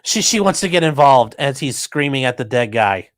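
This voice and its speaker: A man's voice: mid-range voice, normal speed, no room sound. A man hosting a podcast, commenting sarcastically and profanely on news clips. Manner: sarcastic, profane, animated mockery. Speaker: podcast host.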